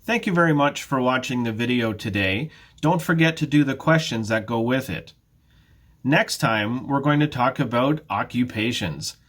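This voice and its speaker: A middle-aged man with a Canadian accent teaching a slow, clear beginner English lesson, patiently modelling phrases with careful intonation. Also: mid-range voice, fairly bright tone. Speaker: ESL teacher, head of academics.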